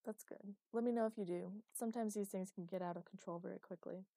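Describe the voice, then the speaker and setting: A woman voicing a brisk, businesslike female publishing boss in an audiobook, in a mellow voice. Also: medium pitch, fairly even intonation, no echo, close to an everyday voice. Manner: businesslike, dismissive.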